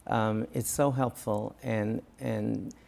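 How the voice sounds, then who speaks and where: A rabbi appearing as a guest speaks earnestly and animatedly in a conversational interview, often acting out what parents and coaches say. His voice is fairly low, creaky, and slow.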